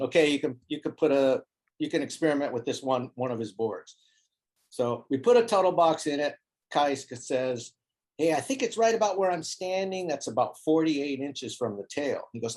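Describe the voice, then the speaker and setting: A man telling a story as an interview guest, animated and acting out the voices of people he quotes. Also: mid-range voice. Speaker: interview guest, foil board maker. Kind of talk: casual storytelling.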